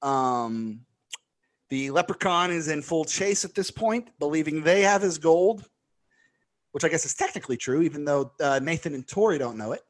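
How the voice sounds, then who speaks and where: A man co-hosting a podcast, recapping a horror film in casual chat, animated and sarcastic, laughing as he talks. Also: on the high side, normal speed. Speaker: podcast co-host.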